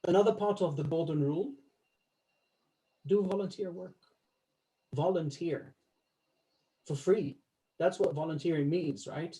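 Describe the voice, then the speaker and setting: Man coaching slowly, stressing his words. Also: a little high, mellow, rough recording. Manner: instructive, stresses words slowly, laughs easily. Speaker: life coach. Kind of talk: coaching talk to a small group.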